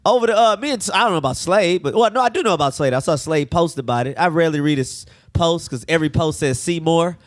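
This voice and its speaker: Joking, animated man, slangy banter. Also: a little high, fast, few pauses, no echo, clean studio sound. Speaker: podcast co-host. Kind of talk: casual comedy podcast chat.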